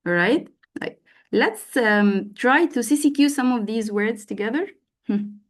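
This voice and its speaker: A woman's voice: on the high side, animated, measured pace. A woman training teachers in an online class, prompting participants and repeating words for emphasis. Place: online video call.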